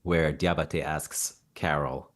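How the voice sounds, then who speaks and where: A man from Mauritania, an actor and guest, telling animated anecdotes in a casual interview and acting out quoted dialogue. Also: very deep voice, takes it slowly.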